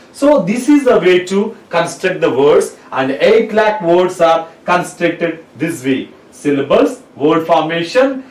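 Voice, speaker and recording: A man teaching a lesson, spelling words out letter by letter and repeating them. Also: a little high. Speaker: English teacher. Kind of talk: classroom lecture. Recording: roomy, mic at a distance.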